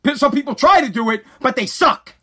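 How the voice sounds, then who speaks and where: Man, podcast host, high voice, bright tone, angry profane rant, stammering. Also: lively intonation, a little fast. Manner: profane, agitated ranting with repeated stammers.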